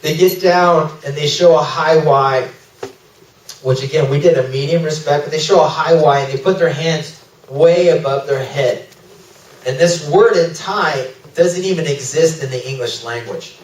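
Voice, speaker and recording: A man telling a mission story at a church fellowship in an animated way, laughing through the emotional parts. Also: fairly high pitch, moderate pace, recorded from a distance. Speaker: missionary speaker. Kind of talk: testimony talk at a fellowship. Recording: echoey room, speaker away from mic.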